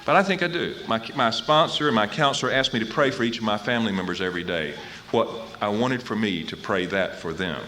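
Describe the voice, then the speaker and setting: A middle-aged man from North Carolina giving a personal recovery talk at a convention podium, telling his story in an animated way and acting out what others said. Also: on the low side, fairly quick, slight background noise. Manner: animated storyteller who acts out quoted voices. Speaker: recovery meeting speaker.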